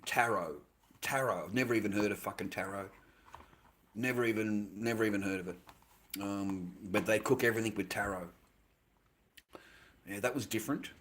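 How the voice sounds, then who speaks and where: A man's voice: on the low side, steady tone, a little fast, long pauses. An Australian man chatting casually on a livestream, rambling and swearing constantly, with "mate" in almost every line.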